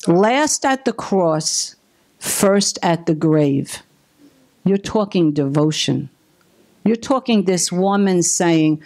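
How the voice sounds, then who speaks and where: A woman's voice: on the low side, lively intonation, takes it slowly, darkish tone. A woman pastor preaching a sermon with emphasis, acting out the scripture quotes as she goes.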